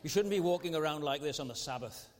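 A man's voice: on the high side, quick pace, close to an everyday voice. A man voicing a stern, scolding old church elder in a failed attempt at a Scottish accent. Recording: long church hall reverb.

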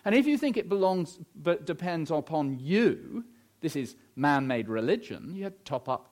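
Emphatic middle-aged preacher. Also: male voice, moderate pace. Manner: emphatic, rhetorical questions, lively pitch swings. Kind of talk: sermon.

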